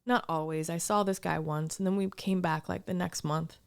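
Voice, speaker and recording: A woman's voice: lowish voice, fairly even intonation, normal speed, gravelly. A woman co-hosting a podcast, telling a rambling story in casual chat, full of restarts. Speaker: podcast co-host.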